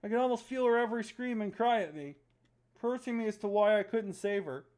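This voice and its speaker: A streamer reading aloud the lines of a troubled young man from a story game in a plain, flat voice. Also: medium pitch, brisk, lightly acted. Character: troubled young man stuck in a time loop.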